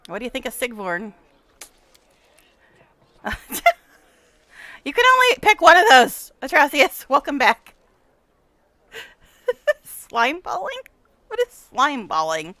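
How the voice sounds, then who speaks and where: A woman's voice: on the high side, bright, forceful tone, dry recording. A woman streaming a game, chatting casually and gushing with frequent giggles. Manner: giggly and gushing, laughs often. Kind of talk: casual livestream chat while reading game dialogue aloud.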